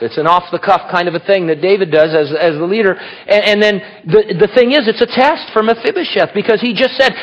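A man's voice: high-pitched, a little fast, few pauses. A middle-aged man preaching a sermon, telling stories animatedly and acting out quoted voices. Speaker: pastor. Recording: dull lo-fi recording.

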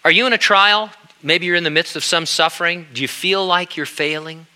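Older man preaching in a bright voice. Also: a little high, fairly quick. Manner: earnest, conversational preaching with frequent restarts. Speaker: pastor. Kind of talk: sermon.

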